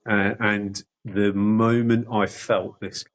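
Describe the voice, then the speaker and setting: Middle-aged man, low-pitched, candid podcast guest, loose and profane, lots of restarts. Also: flat delivery, slow pace, poor audio. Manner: rambling, sweary, restarts often. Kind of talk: candid personal storytelling.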